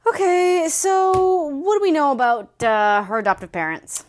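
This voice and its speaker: A woman with a fairly high voice recaps a book in relaxed podcast chat. She mocks the plot, swears now and then, and tosses in silly asides. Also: unhurried. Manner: joking, mocking, swears, playful asides. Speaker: podcast co-host.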